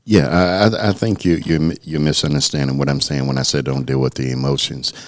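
Fairly quick and very deep, with fairly even intonation, this middle-aged pastor shares a personal story on the podcast he co-hosts. He's earnest, frequently restarting and repeating words as he begins, in a relaxed conversation.

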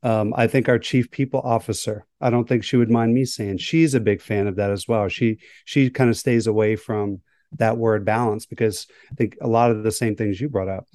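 A man's voice: lowish voice, steady tone, moderate pace, a little mellow, dry recording, clean studio sound. A man, a workplace psychologist, answering interview questions in a thoughtful, hedging way. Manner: thoughtful, hedging with "right?" and "kind of".

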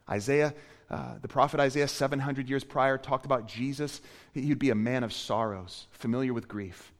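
A male pastor giving a sermon, moving between hushed, quiet passages and loud, emphatic preaching. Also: medium pitch, steady tone, normal speed, big-room sound. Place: church.

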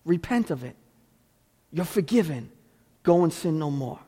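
A pastor preaching a sermon with passion, moving between pleading cries and hushed intensity. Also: male voice, on the high side, lively intonation, measured pace, slightly rough. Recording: long hall reverb.

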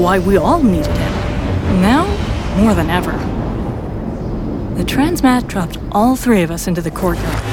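A woman narrating a first-person fan audio drama in a steady storytelling manner. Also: medium pitch, background noise.

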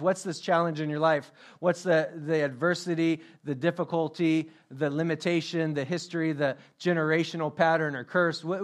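A man preaching a sermon as pastor, emphatic, repeating his questions and joking about himself. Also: a little high. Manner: self-deprecating humor.

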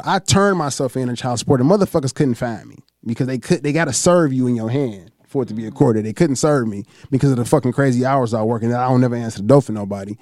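A man, host of a chat show, telling a long story in a profane, animated way and acting out what others said. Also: mid-range voice, quick pace, no echo, studio quality. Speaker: podcast host.

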